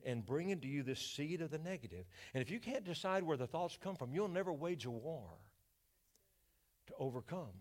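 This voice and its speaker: A man preaching a sermon in church, building from calm teaching to fervent declarations and prayer. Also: a little high. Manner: preachy call-and-response, rising to fervent declarations. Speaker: pastor.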